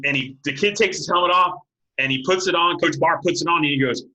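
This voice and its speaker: A man in his late forties, a high school football coach, telling stories as an interview guest and acting out what people said. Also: fast talker, low-quality recording. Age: late 40s. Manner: animated storyteller, acts out quotes, laughs often. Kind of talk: casual interview storytelling.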